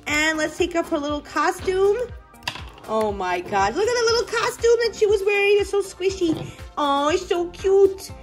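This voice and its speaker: A woman toy blogger chatting casually at home as she unboxes toys, gushing and gasping with excitement. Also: very high-pitched, moderate pace, faint music behind. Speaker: toy collector and parent blogger.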